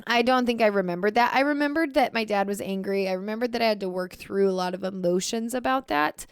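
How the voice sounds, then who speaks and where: Smooth-voiced woman telling a candid story. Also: medium pitch, fast, no echo, clean studio sound. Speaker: podcast co-host. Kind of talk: casual conversation.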